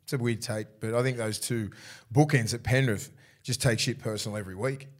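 An Australian man co-hosting a casual podcast chat, telling animated stories, swearing freely and acting out quotes. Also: medium pitch, fairly quick. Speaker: co-host, former rugby league player.

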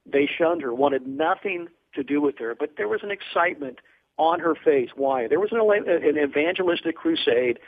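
A man's voice: a little high, moderate pace. Earnest man on a tinny phone line. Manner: earnest, animated storyteller with frequent fillers. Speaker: guest from a Bible ministry. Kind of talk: radio interview storytelling.

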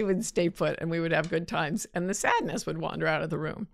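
A woman's voice: low-pitched, a little fast, gravelly, hardly any pauses, no room sound. A woman hosting a talk, answering listener questions in a candid, self-deprecating way. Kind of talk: reflective casual talk.

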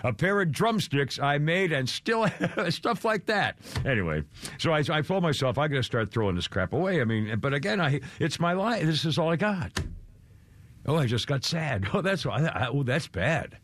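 A man's voice: fairly high pitch, very animated, normal speed, a bit bright, no echo. An older man hosting a radio show, chatting casually in a rambling, exasperated, self-deprecating way.

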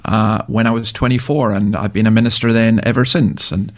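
A man's voice: lowish voice, fairly even intonation, brisk. A middle-aged Scottish man, a minister, talking casually as an interview guest, chatty and self-deprecating with many restarts. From Scotland.

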